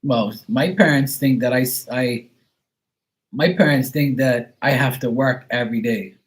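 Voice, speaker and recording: A man's voice: mid-range voice, measured pace, low-quality recording. A man hosting a live stream, chatting casually in a sarcastic, rambling way and swearing now and then. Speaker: live stream host reading chat. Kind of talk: casual chat.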